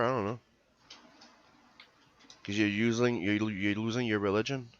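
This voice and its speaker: A man with a rough, groggy morning voice and a fairly low pitch talks casually as a livestream guest. His audio comes through dull and lo-fi. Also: fairly even intonation, normal speed. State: rough morning voice, just woken up. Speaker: comic artist guest.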